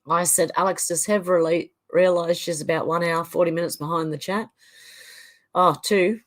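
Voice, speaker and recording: A middle-aged woman hosting a live stream, reading viewer comments aloud with frequent laughter. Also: lowish voice. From Australia. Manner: reads comments aloud, often laughs and chuckles. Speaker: livestream host reading chat. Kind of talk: casual chat reading out comments.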